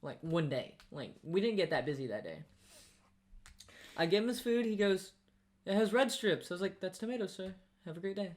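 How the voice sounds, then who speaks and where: A podcast co-host telling stories in a casual chat, animated, acting out other people's lines in jumpy voices and laughing between lines. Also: mid-range voice, fairly quick.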